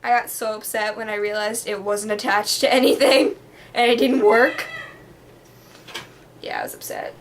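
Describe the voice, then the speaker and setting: A woman's voice: fairly high pitch, fairly even intonation, normal speed, heavy background noise. A woman vlogging in a casual, rambling monologue that is full of fillers and has a bubbly, dramatic manner. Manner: rambling, heavy on the filler word "like".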